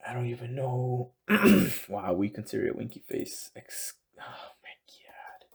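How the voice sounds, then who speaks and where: A man's voice: mid-range voice, big pitch swings, unhurried, gravelly, husky. A young man hosting his own podcast, rambling in a casual monologue full of swearing and laughing at his own jokes. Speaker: podcast host.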